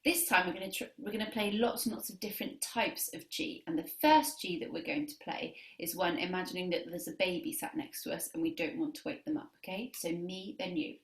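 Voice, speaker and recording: A woman's voice: on the low side, a little fast, hardly any pauses, echoey room. A woman teaching a beginner clarinet lesson on video, counting students in and giving lots of praise. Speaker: music teacher.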